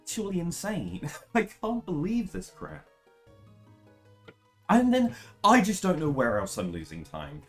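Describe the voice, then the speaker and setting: A young woman speedrunning a game, commentating live, swearing freely and ranting in frustration before rushing into technical explanations. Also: fairly low pitch, very animated, vocal fry, faint music behind. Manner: swears a lot, rants in frustration, then explains in a rush.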